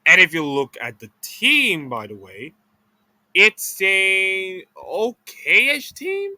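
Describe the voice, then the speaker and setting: Guy with a really bright voice, rambly casual commentary, keeps restarting and fixing himself, sluggish after eating. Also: high-pitched, very animated, slow pace, dry recording. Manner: rambling, many restarts and self-corrections. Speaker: esports video creator.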